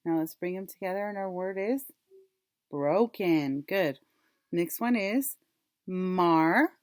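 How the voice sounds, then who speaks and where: A woman teacher leading a phonics lesson for young children, modeling words slowly and clearly and asking them to repeat. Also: medium pitch, expressive, dark tone, dry recording, clean studio sound. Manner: slow, clear, drawn-out word modeling with repeat prompts.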